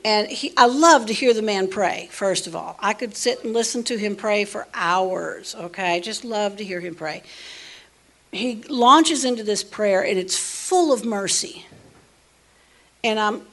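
A woman casually telling a personal story, animated, dropping to hushed asides and rising to loud emphasis. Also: medium pitch, unhurried. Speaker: storyteller sharing a personal testimony.

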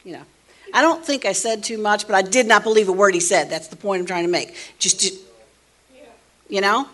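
A woman casually telling a personal story, animated, dropping to hushed asides and rising to loud emphasis. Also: medium pitch, brisk. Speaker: storyteller sharing a personal testimony.

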